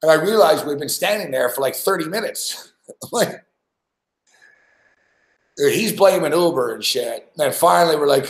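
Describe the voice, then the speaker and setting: A man's voice: a little high, lively intonation, normal speed. A young man from Montreal, hosting a podcast and telling a rambling, profane story full of "like" and laughter. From Montreal, Canada. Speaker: podcast host. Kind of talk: casual storytelling chat. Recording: echoey room.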